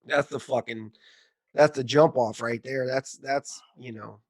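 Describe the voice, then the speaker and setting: A man co-hosting a podcast, speaking in a halting way, repeating himself and swearing. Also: medium pitch, fairly even intonation, no room sound. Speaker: podcast co-host, veteran. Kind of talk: casual conversation.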